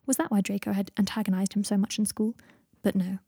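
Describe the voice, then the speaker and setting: A woman reading a story aloud in a calm, even way, with a husky voice. Her tone is dark and mellow. She is recorded close up and dry. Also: medium pitch, quick pace, no room sound. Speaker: audiobook narrator. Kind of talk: fan fiction audiobook reading.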